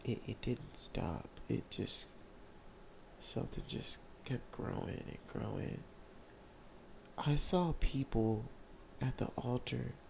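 A young man telling an emotional, excited personal testimony, repeating phrases as he speaks. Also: mid-range voice, slow pace, gravelly, pauses often, noisy background.

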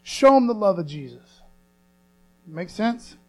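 A man preaching a sermon, repeating phrases slowly for emphasis and asking for amens. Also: very animated. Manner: call-and-response, asks congregation for affirmation. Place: church sanctuary. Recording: low mains hum.

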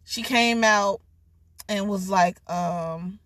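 A young adult woman vlogger telling a casual story in an animated, overly dramatic way. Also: medium pitch, slow, dry recording. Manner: self-described overly dramatic, animated retelling.

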